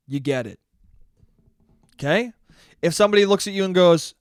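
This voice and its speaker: A man's voice: high-pitched, fairly quick, long pauses, clear, resonant tone, no echo, clean studio sound. A young man ranting casually and profanely on his own podcast, rambling and joking. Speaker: podcast host. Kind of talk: solo casual podcast rant.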